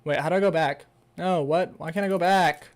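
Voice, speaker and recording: Rambling sarcastic young man, fairly high voice. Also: fairly even intonation, fairly quick. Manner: rambling, sarcastic, swears, stumbles when reading. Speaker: streamer. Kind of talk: casual livestream, reading an article aloud.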